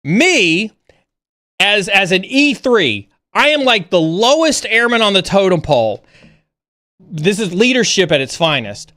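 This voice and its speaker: Male stream host with a crisp, raised voice and a dry sound, who tells stories animatedly and often stops to restart. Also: no room sound. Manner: animated, rising pitch when excited; halting with frequent restarts. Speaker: livestream host. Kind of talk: casual storytelling.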